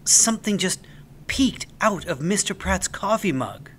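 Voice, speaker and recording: Man doing a high, excited young schoolboy. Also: a little slow, slight background noise. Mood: alarmed.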